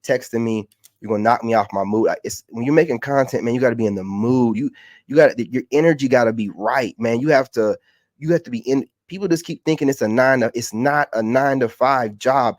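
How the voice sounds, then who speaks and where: Man, average pitch, ranting, exasperated, dead dry room. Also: brisk, no echo. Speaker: content creator. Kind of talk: heated vlog rant.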